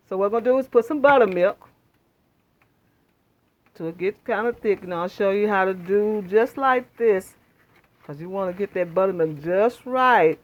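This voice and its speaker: A woman hosting a home cooking demonstration in her kitchen, chatting homely with viewers. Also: medium pitch. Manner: homey, chatty, addresses viewers as y'all. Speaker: cooking channel host.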